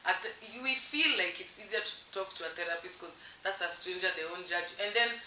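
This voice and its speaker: Woman, casual panel guest, reflective, very bright tone, echoey room. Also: on the low side, a little fast. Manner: reflective, quotes other people. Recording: echoey room, distant mic, faint hiss.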